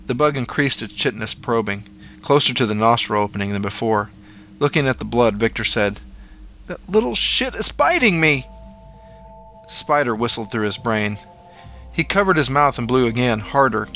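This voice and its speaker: Bright-voiced man narrating horror. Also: on the low side. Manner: measured, dramatic storytelling. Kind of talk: scripted horror story narration.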